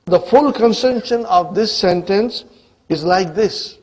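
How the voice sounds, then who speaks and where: Guy teaching a grammar class, kinda high voice, talks slow, keeps going "huh? you with me?". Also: husky. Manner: asks the students questions and then answers them himself. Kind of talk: classroom lecture.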